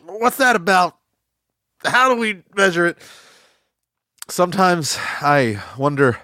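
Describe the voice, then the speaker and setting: A man's voice: high voice, big pitch swings, slow pace, long pauses, sharp tone, no echo, studio quality. A man hosting a comedy podcast, rambling through an absurd mock-serious monologue and giggling at his own lines.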